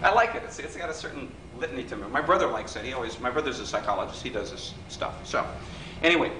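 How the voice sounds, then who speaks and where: Captured from a distance in an echoey hotel function room with faint hiss, a workshop leader speaks quickly in a mid-range voice with lively intonation. His tone stays conversational as he repeatedly checks for the audience's agreement.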